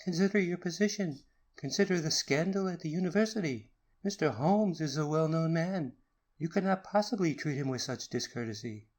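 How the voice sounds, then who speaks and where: An earnest, nervous young secretary in an audiobook, as a male narrator puts him on. His voice sits clearly higher than the reader's own, and he speaks in an anxious, apologetic manner. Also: expressive, normal speed, darkish tone. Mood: pleading. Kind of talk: audiobook character reading.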